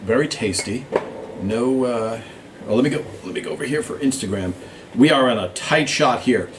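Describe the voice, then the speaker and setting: A man's voice: medium pitch, animated, quick pace, background noise. A man hosting a casual live Q&A stream from a small studio, chatting with viewers, greeting them by name and thinking aloud with plenty of fillers. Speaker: show writer hosting a live fan Q&A stream. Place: small studio with a blue backdrop, in Hollywood.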